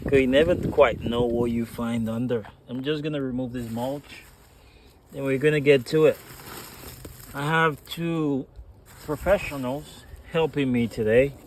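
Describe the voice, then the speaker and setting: A man vlogging outdoors in his garden, patiently encouraging children through a task with a steady, instructive manner. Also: mid-range voice, a little hiss or hum. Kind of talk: casual instructional vlog.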